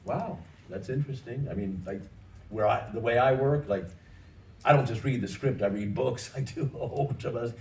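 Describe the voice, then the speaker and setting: A man in his sixties from the United States, a guest actor telling lively anecdotes at a festival Q&A, often restarting his sentences. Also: medium pitch, fairly quick, creaky. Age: 60s. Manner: animated anecdotes, frequent restarts. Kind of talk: festival Q&A storytelling. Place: festival event hall. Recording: echoey room, distant mic, faint noise.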